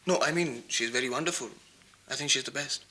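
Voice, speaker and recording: A man's voice: mid-range voice, brisk, sharp tone, lightly acted. An actor playing a boastful, flirtatious male film star with an Indian accent, breezily mixing Hindi into his English. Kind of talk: 1990s TV drama acting.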